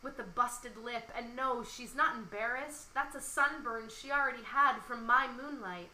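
Young woman reading a poem out loud then gushing about it, bright voice, echoey room, bit of hiss. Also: a little high, normal speed. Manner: expressive dramatic reading, then chatty with many "like"s. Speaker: podcast co-host discussing poetry. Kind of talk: poetry reading and casual chat.

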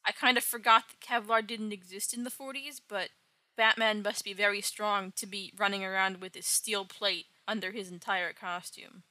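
Woman host, casual comic recap, wry asides; very bright, dry voice. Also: mid-range voice, steady tone, moderate pace, no room sound.

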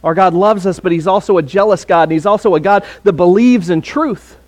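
A man's voice: high-pitched, brisk. A man preaching a sermon in a conversational way, with fillers and restarts.

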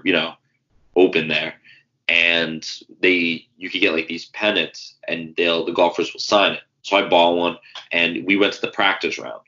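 Deep, bright-toned man. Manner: rambling storyteller, swears, lots of fillers. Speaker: podcast co-host. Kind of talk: casual sports chat. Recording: dull lo-fi sound.

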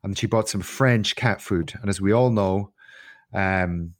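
A man's voice: deep voice, a little slow. A man co-hosting a casual podcast, joking, swearing and acting out voices as he tells stories. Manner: swearing, jokey, acts out voices in his stories. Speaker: podcast co-host. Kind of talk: casual chat.

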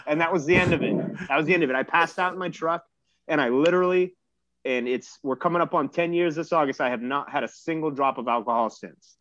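A man's voice: a little high, fast, a bit bright, no echo. A man in his thirties telling a rambling, self-mocking story in casual chat and swearing freely. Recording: dull lo-fi dry recording.

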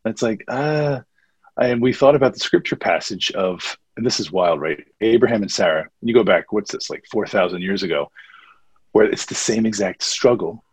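A man's voice: lowish voice, animated, moderate pace, slightly rough, no echo. A man talking earnestly as a guest in a casual conversation, often repeating his phrases. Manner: earnest and faith-centered, speaks in warm repeated phrases. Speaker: podcast guest.

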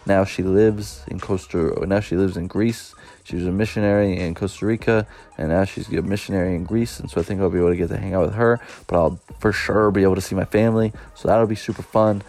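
This solo podcast host is a man from the United States in his twenties who talks in a loose, rambling monologue and laughs a lot. He speaks fast and steadily in a low register with vocal fry and few pauses, his tone slightly mellow.

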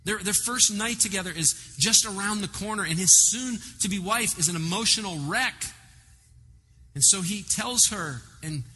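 A man delivers a sermon in an animated storytelling manner, with frequent asides to the congregation. His voice sits high and sounds very bright and sharp. It carries a long reverb from a large hall, with faint ambience behind it. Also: slight background noise. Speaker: pastor.

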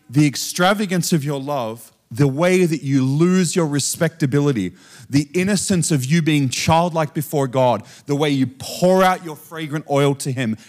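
A man preaching a sermon in a church, telling a story in a conversational, animated way with frequent asides to the congregation. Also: fairly high pitch. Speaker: guest preacher. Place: church sanctuary.

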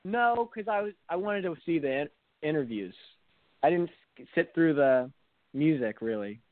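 A young man, a musician guest, chatting in a halting way with many fillers and restarts. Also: fairly high pitch, animated. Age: young adult. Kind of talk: casual interview chat. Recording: tinny phone-like line.

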